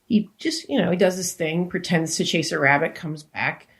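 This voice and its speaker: A woman's voice: lowish voice, moderate pace. A woman actor and comedian, a podcast guest telling loose, rambling stories with restarts and the odd swear word. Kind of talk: casual podcast chat.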